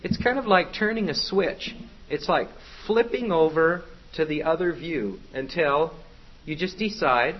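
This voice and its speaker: A man's voice: fairly high pitch, measured pace, husky. A man preaching a conversational, exhorting sermon to his congregation. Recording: dull lo-fi with faint noise.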